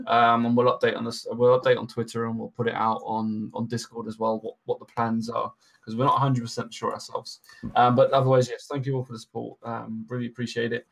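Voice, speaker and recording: A man with a rough, gravelly edge to his voice hosts a tabletop game stream. He speaks casually and loosely, stacking ums and restarts as he wraps up. His pitch sits at an ordinary middle height. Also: flat delivery, brisk, fairly bright tone, poor audio. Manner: rambling, many ums and restarts. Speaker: dungeon master and stream host. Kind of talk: casual stream sign-off chat.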